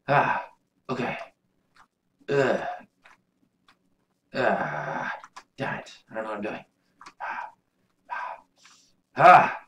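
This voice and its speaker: Swearing, shouting gameplay commentator man. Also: medium pitch. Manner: yells and curses at the game. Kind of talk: video game commentary.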